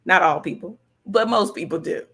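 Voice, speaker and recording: A woman talks casually and emphatically to her viewers, repeating her points for weight and responding to their comments as she goes. Her voice sits somewhat low with a gravelly, fried edge. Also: normal speed, fairly bright tone. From California. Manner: chatty, emphatic, repeats herself, reads viewer comments aloud. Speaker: livestream host. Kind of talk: casual political chat with viewers.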